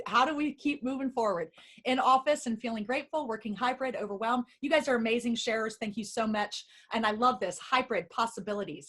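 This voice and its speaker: A woman's voice: on the high side, fairly bright tone. A woman presenting a wellness webinar, encouraging the audience and reading their chat replies aloud.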